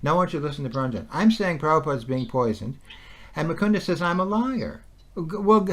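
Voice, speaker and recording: A man's voice: a little high, big pitch swings, moderate pace. A man in a heated casual conversation, agitated and repetitive, firing rhetorical questions and laughing between points. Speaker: conversation partner.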